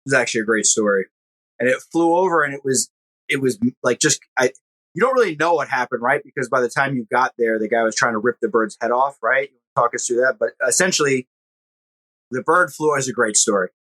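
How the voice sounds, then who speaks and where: A man's voice: mid-range voice, fairly quick, sharp tone, low-quality recording. Male podcast host prompting a guest. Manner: eager, leading, sets up the guest's stories. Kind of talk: casual interview chat.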